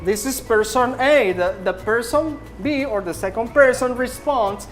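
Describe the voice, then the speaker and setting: A woman English teacher in a classroom, slowly repeating prompts and drilling her students. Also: fairly high pitch, soft background music. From Nicaragua.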